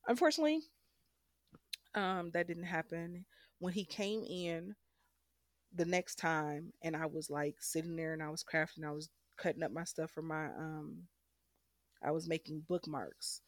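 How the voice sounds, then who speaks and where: Candid woman with a low voice. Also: unhurried, no room sound, clean studio sound. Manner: candid, emphatic, frank. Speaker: guest telling her story. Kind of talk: emotional personal storytelling.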